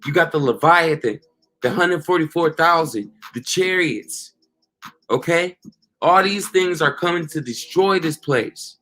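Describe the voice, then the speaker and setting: Slangy man preaching, a bit high. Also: animated, unhurried, pushed and bright. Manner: casual slang, repeats "you know" and "okay". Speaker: street preacher. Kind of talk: informal preaching monologue.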